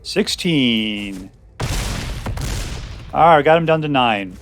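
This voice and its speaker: A man's voice: medium pitch, lively intonation, slow pace, a little hiss or hum. A man giving casual commentary on a card game he is playing, counting cards aloud under his breath and making wry, sarcastic remarks to himself.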